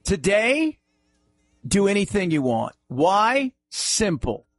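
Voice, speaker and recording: A male talk radio host mocks and jokes in a sarcastic monologue. His voice sits high and swings widely in pitch, and he takes his time. The studio sound is dry, with faint music underneath. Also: takes it slowly, no room sound. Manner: sarcastic, mocking, animated.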